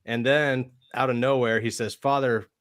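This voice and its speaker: A co-host chimes in on a relaxed comic chat, agreeing and adding remarks. His pitch is middling, and the sound is dry and close. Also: moderate pace, no room sound. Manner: chiming in, agreeing. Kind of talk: casual podcast chat.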